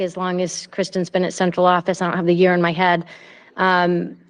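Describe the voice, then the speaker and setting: A woman administrator answering a board question, explaining in a measured way with "um" fillers. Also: fairly low pitch. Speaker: school district administrator. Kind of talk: explanatory reply at a board meeting. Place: town hall meeting room.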